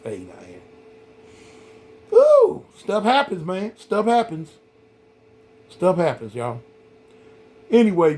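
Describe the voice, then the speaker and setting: A middle-aged man hosting a vlog, telling a story in a casual, rambling, animated way, full of "man" and "y'all". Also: on the high side, a little hiss or hum. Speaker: vlog host.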